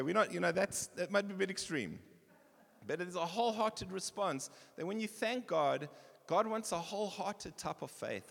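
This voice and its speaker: Animated preacher in an echoing church hall. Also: male voice, sits high, creaky. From South Africa. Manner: animated preaching with bursts of shouting. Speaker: pastor. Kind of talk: sermon.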